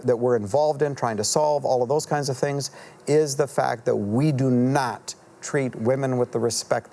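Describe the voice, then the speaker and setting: Earnest gravelly middle-aged man. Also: mid-range voice, darkish tone. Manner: earnest, halting, with many fillers and restarts. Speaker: author guest. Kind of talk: reflective storytelling in a TV interview. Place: TV studio.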